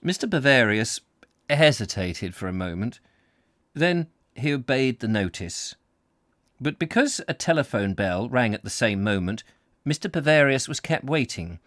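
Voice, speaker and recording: Lively man reading a story aloud. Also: medium pitch, moderate pace, dry recording, studio quality. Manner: stumbles, laughs and apologizes often. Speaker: audiobook reader. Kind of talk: casual read-aloud story narration.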